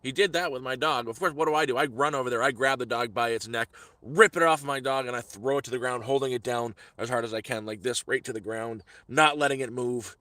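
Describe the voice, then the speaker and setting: A man's voice: medium pitch, brisk, hardly any pauses, sharp tone, no echo. A man on a live stream outdoors in the woods, telling a heated story in repetitive bursts. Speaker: vlogger. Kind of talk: angry live-stream rant.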